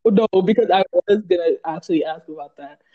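A young woman co-hosting a podcast, chatting casually in a relaxed way. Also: lowish voice, fast, no echo, narrow, tinny audio. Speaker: podcast co-host. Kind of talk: casual chat.

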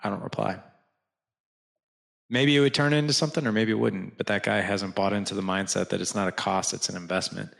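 A man's voice: on the low side, fairly quick, creaky. A man, a podcast guest, telling his story in a conversational way, acting out quoted dialogue with lots of restarts and "like" fillers. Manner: animated, acts out quoted dialogue. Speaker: podcast guest, founder of a fathers' organization.

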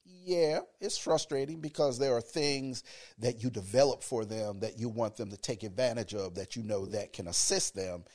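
Deep-voiced man with a radio voice. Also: normal speed, a little mellow. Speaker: college educator and interviewee. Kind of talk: relaxed conversational interview.

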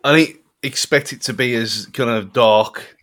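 A man's voice: medium pitch, measured pace, fairly bright tone. A man co-hosting a podcast, chatting casually and wryly about a film, rambling and trailing off. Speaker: podcast co-host. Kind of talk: casual film review chat.

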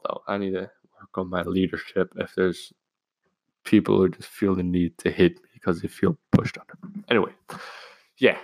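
Deep and creaky, with no echo, this teenage boy's voice carries a loose, foul-mouthed school anecdote told solo. He keeps backtracking and restarting as he rambles.

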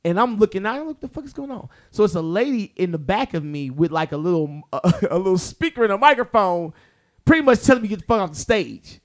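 High-voiced man telling an animated story. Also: fast talker. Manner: animated, profane, acts out quotes. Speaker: comedian. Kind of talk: casual storytelling chat.

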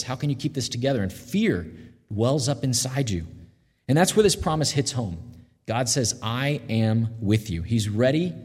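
A man preaching a sermon in an earnest, conversational way, slowing and softening when he quotes promises. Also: mid-range voice, slightly rough, big-room sound. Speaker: pastor.

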